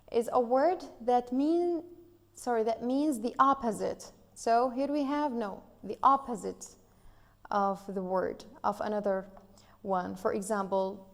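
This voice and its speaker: A woman with an Iraqi Arabic accent teaching English grammar in a recorded online lesson, reading example sentences slowly and deliberately. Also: medium pitch, long reverb tail.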